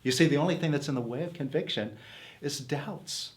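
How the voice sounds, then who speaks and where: A man's voice: a little high, fairly quick. A man teaching self-help in an earnest, coaxing motivational talk, posing questions to his listeners.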